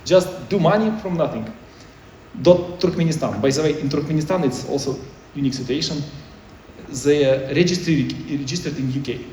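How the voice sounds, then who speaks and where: A man's voice: a little high, fairly quick, a little mellow, a little hiss or hum. A man giving a conference talk in choppy, non-native English, with many restarts. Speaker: conference speaker. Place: conference hall. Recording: echoey hall, mic far off.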